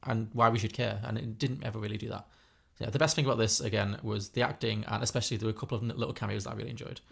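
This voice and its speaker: Fast-talking gravelly British man. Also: on the low side, fairly even intonation. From Britain. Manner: chatty, opinionated, many restarts. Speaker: podcast co-host. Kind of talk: casual film review chat.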